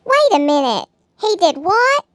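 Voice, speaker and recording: A woman's voice: very high-pitched, very animated, unhurried, a bit bright, poor audio. A woman narrating a scripted commentary in a sarcastic, mocking tone, full of dramatic rhetorical questions. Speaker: commentary channel host.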